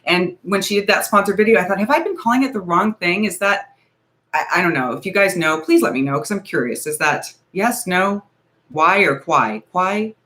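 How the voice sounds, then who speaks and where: A woman's voice: mid-range voice, animated, brisk, fairly bright tone. A woman in her forties hosting a casual beauty livestream, talking in a nervous, rambling, hedging way. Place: home, ring light.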